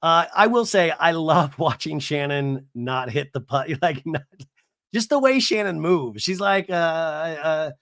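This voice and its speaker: A man hosting a podcast, giving a casual, gossipy recap with animated, swearing, exasperated asides. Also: on the high side, no room sound, studio quality. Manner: does quick voices for the people he quotes. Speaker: podcast host recapping a reality show.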